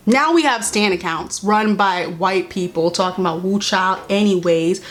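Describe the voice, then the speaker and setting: A woman's voice: medium pitch, lively intonation, a little slow, few pauses. Blunt, exasperated young woman vlogger. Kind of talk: casual commentary vlog while doing makeup.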